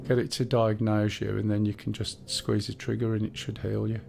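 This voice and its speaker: A man chats away on his game stream, guiding a friend and musing aloud with plenty of ums. His voice sits a little low with a gravelly edge. A faint background hiss runs under the recording. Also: completely flat delivery, normal speed, darkish tone. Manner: chatty, guiding a teammate, thinking aloud with fillers. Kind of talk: casual gameplay chat.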